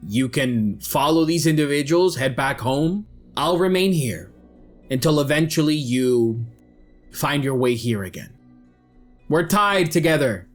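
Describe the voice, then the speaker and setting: A soothing, menacing old villain who talks like a false father, played by a man. He coaxes slowly and evenly, his voice quietly sinister, over faint music. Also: on the high side, lively intonation. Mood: coaxing.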